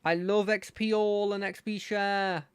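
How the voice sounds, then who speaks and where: A gaming streamer giving relaxed, chatty commentary while playing, thinking aloud. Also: medium pitch, a little slow, clear, resonant tone, no room sound, studio quality. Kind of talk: casual let's-play commentary.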